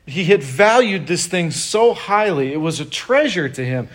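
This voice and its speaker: Conversational preacher with a fairly high voice. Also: male voice, very animated, normal speed. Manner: conversational preaching, jokes with the congregation, acts out quotes. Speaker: pastor. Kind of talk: sermon.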